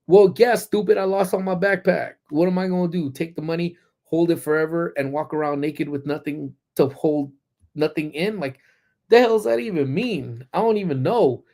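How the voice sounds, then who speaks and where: With a fairly high, warm voice at normal speed, a Southern Californian man chats casually on a livestream from his parked car. He fills his storytelling with ums and turns blunt and profane once annoyed.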